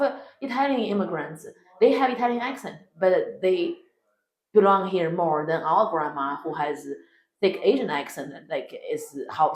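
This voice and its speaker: A woman's voice: on the low side, darkish tone, roomy sound, low-quality recording. A woman comedian whose first language is Chinese, speaking with a Chinese accent and answering interview questions bluntly and emphatically. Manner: blunt and emphatic, swears freely.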